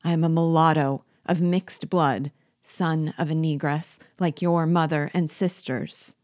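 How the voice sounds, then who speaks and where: A woman's voice: fairly even intonation, measured pace, darkish tone, no room sound, studio quality. A woman reading aloud and voicing a terrified male planter who begs for his life, her voice rising in desperate pleas. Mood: pleading. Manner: desperate, pleading, rising in pitch.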